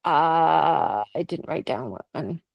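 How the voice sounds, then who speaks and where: A woman's voice: deep voice, expressive, slow pace, creaky, no echo, highs cut off. A Canadian woman co-hosting a podcast, telling ghost stories in a casual, chatty way with laughs and asides. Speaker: podcast co-host. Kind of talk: casual chat, storytelling.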